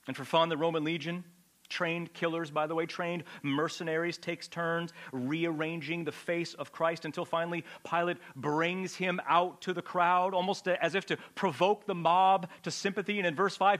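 A man preaching a sermon with a dramatic delivery, swinging from loud outbursts to a hushed, low voice. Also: flat delivery, moderate pace. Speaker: pastor.

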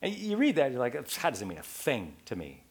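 A man preaching a sermon, dropping to near-whispers and rising to fervent shouts, often asking the listeners rhetorical questions. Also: mid-range voice, wildly swooping pitch, fairly quick. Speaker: pastor.

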